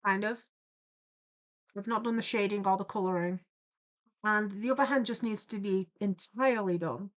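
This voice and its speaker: A woman's voice: mid-range voice, moderate pace, long pauses. A young woman chatting casually on a live stream, greeting viewers by name in a playful, giggly way. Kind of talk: casual live-stream chat while drawing.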